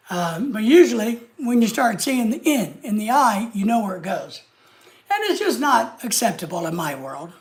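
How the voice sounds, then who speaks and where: A man hosting a live stream, chatting casually and answering viewer comments in an easygoing way. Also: very high-pitched. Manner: easygoing, chatty, talks straight to the chat.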